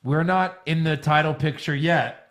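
A man's voice: a little high, normal speed, fairly bright tone. A man co-hosting a podcast in casual chat, joking and playful. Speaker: podcast co-host.

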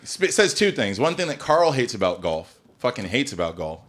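A man in casual chat on a podcast, telling stories in a profane, animated way. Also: mid-range voice, normal speed, noisy background. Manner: profane, animated storytelling with laughter.

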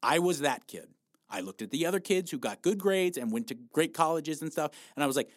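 Blunt, profane fitness coach, dry close sound. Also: male voice, a little high, animated, a little fast, no room sound. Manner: blunt, profane, emphatic, pumps up the listener. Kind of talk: motivational fitness talk.

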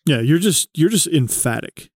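A man's voice: a little high, big pitch swings, moderate pace, darkish tone, dry recording, studio quality. A man hosting a casual chat, explaining things at length with many fillers.

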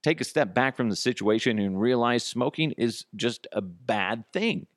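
A man's voice: medium pitch, expressive, normal speed, dry recording. Guy ranting on his comedy podcast, cursing a lot, voice bouncing all over, super dry close mic. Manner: profane, sarcastic, acts out both sides of a dialogue. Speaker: podcast host. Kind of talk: comedic solo podcast rant.

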